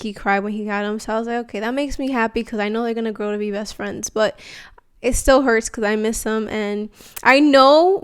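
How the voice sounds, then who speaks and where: A woman's voice: mid-range voice, clear, resonant tone. A young woman vlogging in a rambling, candid and emotional way, full of fillers and restarts. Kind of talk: casual chat to camera.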